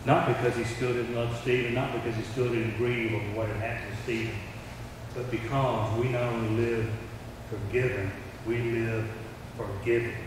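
In a large, echoey church hall, a middle-aged man preaches a sermon, telling stories and acting out the voices of their characters. His voice is medium-pitched and flat at a moderate pace, picked up by a distant mic along with background noise.

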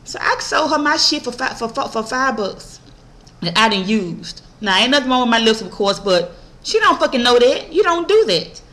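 On a rough recording, an adult mother shows off her shopping haul to camera, her voice slightly high and her pace moderate. She chats casually and bluntly, swears freely, and brings her stories to life by imitating the voices of others.

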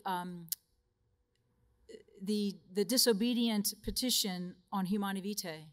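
A woman religious sister speaks to a retreat audience in a conversational, personal way. She tells stories and laughs easily between them. Her voice sits at a middle pitch.

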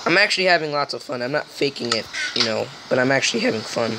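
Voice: mid-range voice, very animated, moderate pace, creaky, pauses often, noisy background. A gaming video host giving casual, rambling gameplay commentary, joking and poking fun at themselves. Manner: joking, rambling, self-mocking.

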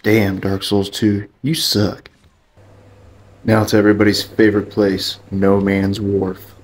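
A man's voice: fairly low pitch, monotone, measured pace. Dry sarcastic man gaming voice-over. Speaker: gamer narrating gameplay.

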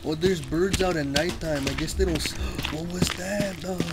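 A young man casually commenting on a horror game as he plays, full of slang and swearing, now and then yelling in panic. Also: fairly high pitch, moderate pace, low-quality recording. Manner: profane, slangy, keeps saying "dog", yells in panic at scares. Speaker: gameplay streamer. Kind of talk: casual let's play commentary. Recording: loud game music behind the voice.

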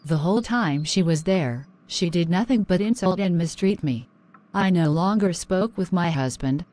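A woman voicing a young married wife in an animated drama, pleading and worn down. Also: on the low side, normal speed, close to an everyday voice.

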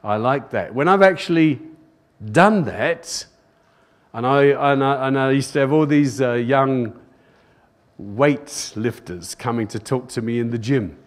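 An older man, a pastor, preaches in a medium-pitched voice at a measured pace during a live-recorded church service. He repeats phrases for emphasis and calls out "Amen?" to those gathered.

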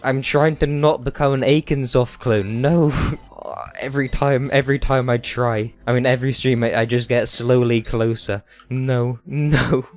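A man's voice: mid-range voice, fairly even intonation, unhurried. A man, a game streamer chatting casually live, joking and whining in a mock-dramatic way at his chat.

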